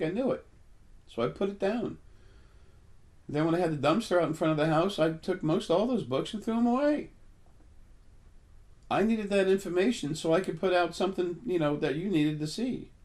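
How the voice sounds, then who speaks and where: An older man, a spiritual teacher, talking casually in a rambling monologue, halting often with ums and restarts. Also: a little high, darkish tone.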